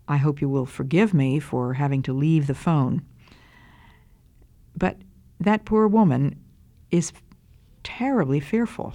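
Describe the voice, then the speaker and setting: Woman, devotional talk, earnest, gentle, reading aloud. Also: sits low. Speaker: devotional speaker.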